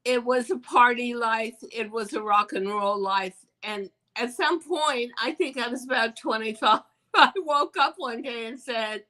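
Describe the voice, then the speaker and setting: An older woman, a fashion designer, telling her life story as an interview guest, animated and acting out the voices of people she quotes. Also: on the high side, measured pace, poor audio.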